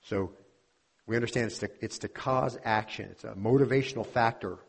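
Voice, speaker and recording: A man's voice: lowish voice, fairly quick, creaky, breathy edge. A man preaching an earnest teaching sermon from a church pulpit, calling his listeners beloved as he explains scripture. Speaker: pastor. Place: church sanctuary.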